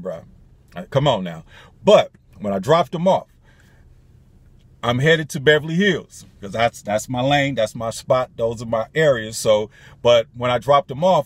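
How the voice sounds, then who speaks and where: A man, a rideshare driver, telling a story in a casual, slangy, animated way, laughing between lines. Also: medium pitch, dry recording.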